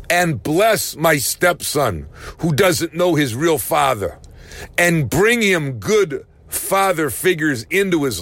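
Preacher guy, higher voice, really swoops around, takes his time, gets shouty. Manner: animated preaching, rising to shouts, slowing for emphasis. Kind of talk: sermon.

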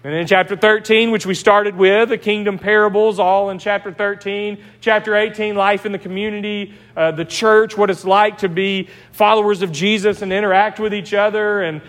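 A male pastor with an East Texas accent gives his sermon in a church sanctuary. His voice sits high, and he shifts into personal stories in an easy, conversational way. Long reverb from the hall trails behind each phrase. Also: steady tone, normal speed, few pauses, fairly bright tone. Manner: conversational, anecdotal preaching with restarts.

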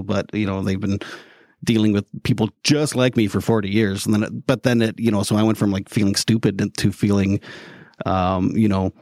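A man's voice: fairly low pitch, a little mellow, dry recording. Candid, swearing man in a dry studio. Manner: candid, swears freely, laughs often. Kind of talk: casual interview chat.

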